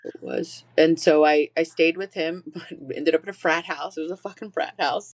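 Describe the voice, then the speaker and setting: A podcast guest in her forties openly tells her own story in a low-pitched voice at a moderate pace. She swears freely and laughs through painful memories.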